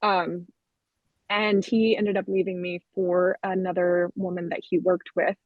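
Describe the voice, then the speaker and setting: A woman's voice: fairly low pitch, flat delivery, unhurried, no room sound. A woman guest on a podcast, telling her life story in an earnest, candid way. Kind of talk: personal testimony in an interview. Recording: dull, dry lo-fi sound.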